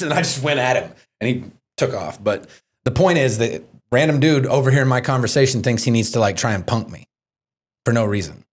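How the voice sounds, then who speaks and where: A man's voice: medium pitch, a little fast. A man who is a defense attorney and podcast co-host, telling stories in a brash, profane way. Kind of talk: casual podcast chat.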